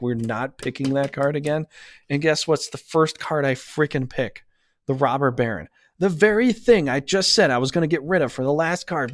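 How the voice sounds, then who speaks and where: A man's voice: mid-range voice, no echo, clean studio sound. A man doing a casual tarot reading who rambles, talks himself in circles and gets easily flustered. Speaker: tarot reader.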